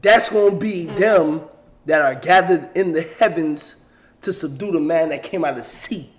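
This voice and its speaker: A man leading a casual scripture study, blunt and coarse, slowing down to read verses aloud. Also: on the high side. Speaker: scripture teacher.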